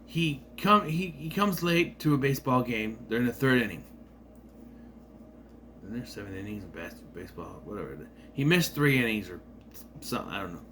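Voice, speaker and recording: A man's voice: medium pitch, lively intonation, normal speed, pushed and bright, a little hiss or hum. A man giving a casual, rambling movie review with sarcastic asides.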